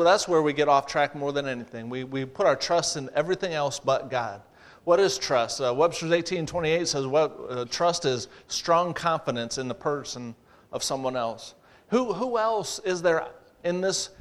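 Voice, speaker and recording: Male preacher, slightly high voice, emphatic sermon delivery with repeated phrases.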